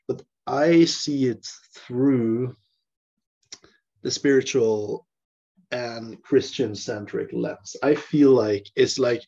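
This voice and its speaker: A man's voice: mid-range voice, darkish tone, husky. A man in casual conversation, rambling, laughing often and mocking the people he quotes. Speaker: guest. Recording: dull lo-fi sound.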